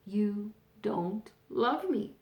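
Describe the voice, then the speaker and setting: A woman reading a storybook, voicing a stern, angry old king who yells in rage. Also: medium pitch, animated, very slow, reverberant. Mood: sulking.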